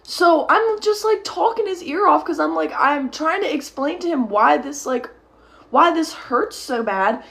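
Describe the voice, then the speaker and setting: Young woman, casual storytime vlogger, slightly high voice, rambling and worked up. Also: expressive, a little slow, fairly bright tone. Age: young adult. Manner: rambling, heated, swears, many "like" fillers. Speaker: storytime creator. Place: at home at a mirror.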